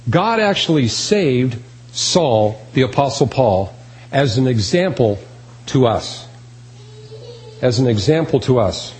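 A man's voice: mid-range voice, lively intonation, slow pace, pauses often, darkish tone, a little hiss or hum, low-quality recording. A man preaching a sermon, earnest and emphatic, repeating key phrases. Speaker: pastor.

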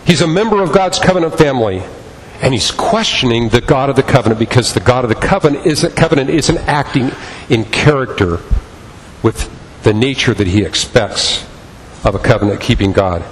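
A man's voice: mid-range voice, lively intonation, fairly quick, in a large hall, slight background noise, poor audio. A man preaching a sermon as pastor, impassioned and repetitive in his cadence.

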